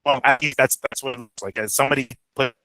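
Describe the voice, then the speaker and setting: A man co-hosting a boxing talk show, relaxed, reading the news aloud in casual chat. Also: mid-range voice, quick pace, dry recording, rough recording. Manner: relaxed, reads news aloud, laughs easily.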